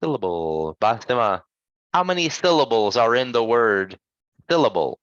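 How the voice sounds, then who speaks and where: A man teaching English pronunciation in an online lesson, patient and encouraging, gently correcting his students. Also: mid-range voice, animated, moderate pace, no echo, highs cut off.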